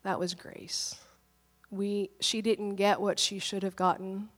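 A woman pastor in her thirties, slightly hoarse from a cold, telling a personal story in an animated, candid sermon. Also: mid-range voice, slow pace, long reverb tail.

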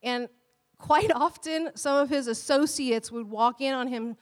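A middle-aged woman pastor giving a sermon in an animated way, laughing often and acting out quotes in a high voice. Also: a little slow. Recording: long hall reverb.

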